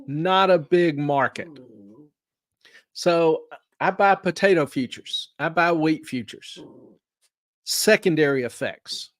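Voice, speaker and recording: A man's voice: on the high side, dry recording, studio quality. A man hosting a money show, explaining investing in a folksy way by asking questions and answering them himself. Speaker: show host, investment adviser. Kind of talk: explaining investing in a studio chat.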